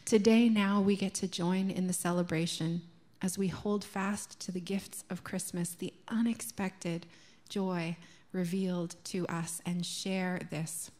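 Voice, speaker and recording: Slow, soft-spoken Canadian woman preaching. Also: lowish voice, fairly even intonation. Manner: slow, gentle and reflective, dropping to a soft near-whisper on key words. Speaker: minister. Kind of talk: sermon. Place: church sanctuary.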